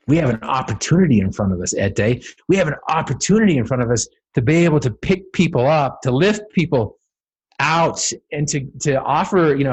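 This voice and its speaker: Husky man telling a dramatic story. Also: mid-range voice, lively intonation, fairly quick. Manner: dramatic storytelling, builds to emphatic peaks. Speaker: podcast guest, motivational speaker. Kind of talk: storytelling on a podcast.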